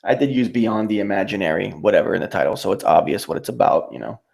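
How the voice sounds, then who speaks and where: A man's voice: low-pitched, animated, quick pace, gravelly, darkish tone. A man hosting his own livestream, ranting in a profane, mocking, rambling way. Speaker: YouTube livestreamer. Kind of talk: casual livestream rant.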